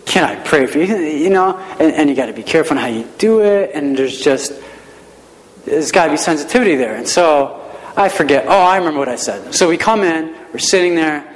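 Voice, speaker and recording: A man's voice: fairly high pitch, animated, brisk. A man who works as a schoolteacher, telling a personal testimony in an earnest, self-deprecating, conversational way. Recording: long reverb of a large hall.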